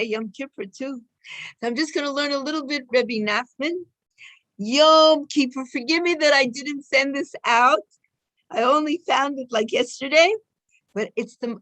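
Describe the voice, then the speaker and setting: High-voiced woman teaching Torah. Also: fairly bright tone, no echo, rough recording. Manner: emotive, sprinkles Hebrew and Yiddish terms. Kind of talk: informal Torah class with personal stories.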